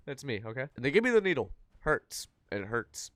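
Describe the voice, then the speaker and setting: Young man, smooth voice, casual storyteller. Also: fairly high pitch, big pitch swings, brisk, fairly bright tone, no echo, studio quality. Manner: laid-back, profane, slangy. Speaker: streamer telling a story.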